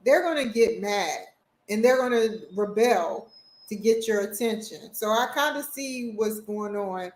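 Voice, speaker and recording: A woman hosts an interview in a relaxed, conversational way, leaning on fillers like "you know". Her voice sits in the middle range. The room around her echoes. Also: mid-range voice, unhurried. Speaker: talk show host. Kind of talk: casual interview chat.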